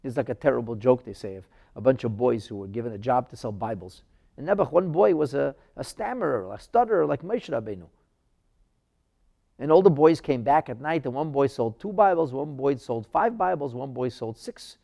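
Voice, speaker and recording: A man teaching a Torah class as a rabbi, swinging dramatically between loud outbursts and hushed asides. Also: mid-range voice, animated, brisk, gravelly.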